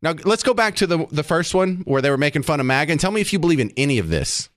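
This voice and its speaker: A man's voice: a little high, big pitch swings, fast, no echo. A man hosting talk radio commentary from a studio, sarcastic and argumentative.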